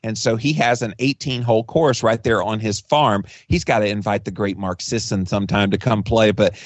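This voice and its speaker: A man's voice: on the low side, fairly even intonation, moderate pace, no room sound. A man being interviewed as a podcast guest and author, talking casually and rambling, with restarts. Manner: chatty, rambling with frequent restarts and laughs.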